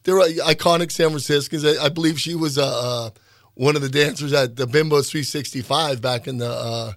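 A man's voice: fairly high pitch, steady tone, fairly quick, no echo, clean studio sound. An older man, a former boxer, talking in a casual chat and stumbling over his words as he recalls old fights. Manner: hesitant, many fillers and restarts.

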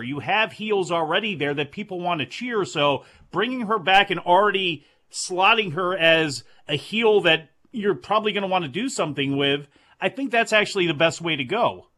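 A man co-hosting a wrestling talk show, giving measured, analytical opinions in casual chat. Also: high-pitched, pushed and bright. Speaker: wrestling podcast co-host.

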